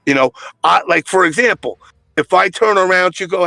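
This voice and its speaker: A man's voice: high voice, moderate pace, gravelly, bright, forceful tone, no echo, soft background music. A man in casual podcast chat, telling stories in a blunt, profane way.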